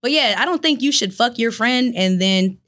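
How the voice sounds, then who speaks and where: A woman's voice: a little high, animated, moderate pace, a bit bright. A woman co-hosting a casual podcast chat, giving blunt opinions and laughing often. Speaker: podcast co-host.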